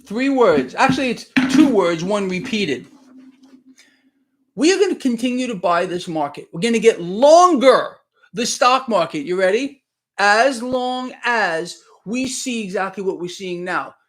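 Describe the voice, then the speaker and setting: A man hosting a live stream about the markets, talking bluntly and with animation. His voice sits high for a man, and he laughs at panicked traders and answers viewer comments as they come in. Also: measured pace. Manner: blunt, animated, swears mildly, mocks and laughs; reads viewer comments aloud. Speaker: market commentator, show host.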